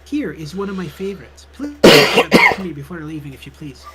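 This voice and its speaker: A man's voice: fairly high pitch, very animated, fairly quick, pushed and bright, soft background music. A man reading as a prim old librarian. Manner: reads game text aloud, lightly putting on a voice. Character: prim older female librarian in a fair-era text game.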